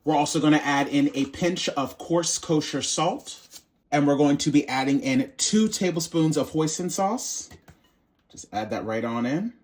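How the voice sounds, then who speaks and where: A man's voice: on the high side, a little slow. A man hosting his cooking channel, walking through a recipe in a casual, sassy, playful way and calling viewers baby and honey.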